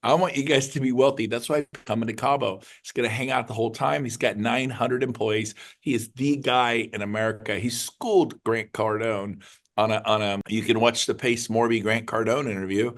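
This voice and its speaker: Middle aged guy hyped up talking money deals to his group, rambly, normal pitch. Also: fairly quick. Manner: excited, rambling, jumps between numbers. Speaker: realtor leading a mastermind call. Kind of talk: casual motivational talk.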